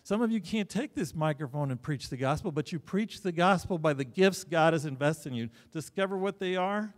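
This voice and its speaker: A middle-aged male pastor delivering a sermon, telling stories with sudden loud bursts and joking asides. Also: on the high side, animated, brisk. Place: church sanctuary. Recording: long hall reverb.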